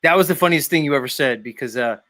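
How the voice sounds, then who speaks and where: Bright-voiced teasing man. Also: fairly high pitch, quick pace, dry recording. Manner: teasing, sardonic. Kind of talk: casual chat.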